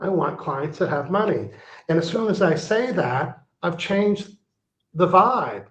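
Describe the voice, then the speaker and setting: Emphatic high-voiced man, roomy lo-fi. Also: expressive, unhurried. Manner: emphatic, teaching tone with homework and repeated phrases. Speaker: guest speaker, coach. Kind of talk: interview conversation. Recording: roomy, dull lo-fi sound.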